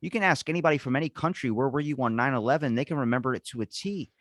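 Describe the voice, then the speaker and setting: An American man rants in casual podcast talk, swearing freely and punching out his points with blunt emphasis. His voice sits at an ordinary middle pitch. The recording is dry and close, with no room echo. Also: very fast, fairly bright tone. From United States. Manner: heated, profane ranting with blunt emphasis. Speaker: podcast guest or co-host.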